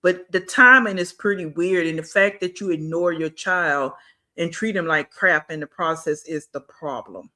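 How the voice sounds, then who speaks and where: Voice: mid-range voice, normal speed, bright, forceful tone. A reaction channel host giving blunt, scolding commentary and talking back at a clip.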